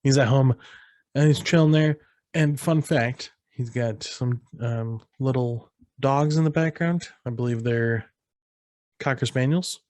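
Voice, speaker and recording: This podcast co-host's voice sits at medium pitch with a darkish tone, recorded without echo. Speaking at a measured pace, he walks through a movie scene by scene in a casual recap, raising his voice to act out the lines.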